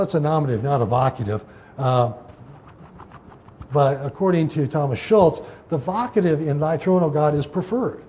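A man's voice: a little high, dark tone, slight background noise. A man teaching an informal Bible study, explaining scripture in a loose way with many fillers and restarts.

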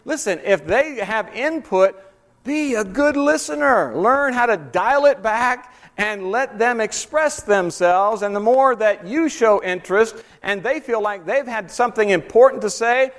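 A man preaching a sermon, animated and conversational, acting out quoted speakers with sudden jumps in his voice. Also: big-room sound. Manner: animated, acts out quotes with rising pitch. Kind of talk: sermon on soul-winning.

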